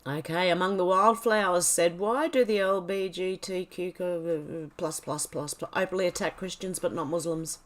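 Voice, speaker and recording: A woman with a fairly low voice hosts a casual livestream, reading posts aloud in a halting way. She trips over words and corrects herself, slips in quiet muttered asides, and has a cough that keeps interrupting her. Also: steady tone. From Australia. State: coughing, clearing throat. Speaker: livestream host.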